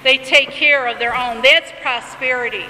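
A woman gives a teaching sermon in a high, bright voice. She alternates between reading prayers aloud and explaining them in a conversational way. The sound is echoey, with a long reverb and faint room ambience behind her. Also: fairly even intonation, normal speed, recorded from a distance, slight background noise. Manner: reads liturgy aloud then explains it conversationally. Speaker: Bible teacher.

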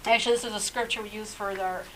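A woman's voice: mid-range voice, steady tone, fast talker, a little hiss or hum, poor audio. A woman preaching a sermon in a conversational way, talking straight to her listeners and often repeating herself as she goes. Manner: conversational, repeats words and restarts, direct address to listeners.

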